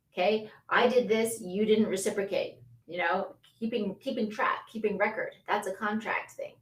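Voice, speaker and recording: A woman's voice: mid-range voice, a bit bright, recorded from a distance. Chatty woman on a roomy livestream. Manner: chatty, laughs often, greets viewers by name. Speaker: livestream host. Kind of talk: casual livestream talk. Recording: roomy echo, a bit off-mic.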